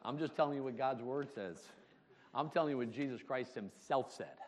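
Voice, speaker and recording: A man's voice: mid-range voice, a little fast. A man preaching a sermon as pastor, emphatic and full of rhetorical questions, laughing often between points. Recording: long hall reverb.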